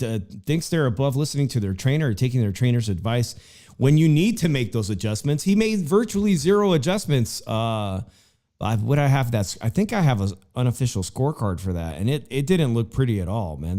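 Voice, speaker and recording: A man's voice: medium pitch, sing-song, a little fast, warm tone. A man hosting a casual boxing talk show, chatty and full of fillers, often addressing his co-host by name.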